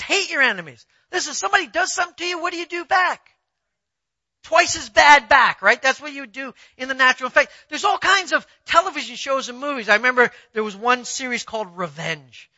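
A pastor preaching a sermon in a conversational way, telling personal stories and often asking the listeners if they follow, swinging between quiet asides and emphatic points. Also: sits high, no room sound, highs cut off. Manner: conversational preaching, asks the audience "you see what I'm saying".

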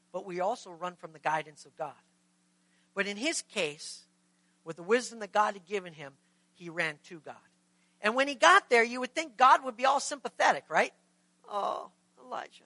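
Bright high-pitched preaching man. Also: no room sound, poor audio. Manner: earnest preaching, acts out short quoted exchanges. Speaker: pastor. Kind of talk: sermon.

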